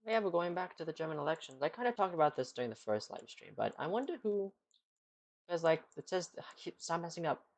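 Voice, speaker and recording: A man's voice: a little high, sing-song, fast. Rambling man chatting on a live stream. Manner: rambling, full of "like" and "you know". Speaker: live streamer answering chat. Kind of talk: casual live-stream chat.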